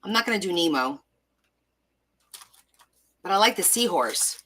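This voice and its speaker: Chatty crafting woman, bright voice. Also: on the low side, lively intonation, measured pace, a little hiss or hum. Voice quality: self-described valley girl sound. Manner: chatty, talks to herself while sorting stickers, gushing. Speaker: crafting vlogger. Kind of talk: casual chat while crafting.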